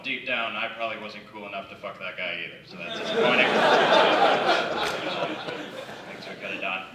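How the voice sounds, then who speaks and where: A man from the Yukon doing a conversational, self-deprecating stand-up set on a theatre stage, slipping into quick acted quotes. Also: medium pitch, background noise. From Yukon, Canada. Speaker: stand-up comedian. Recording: echoey theatre, mic at a distance.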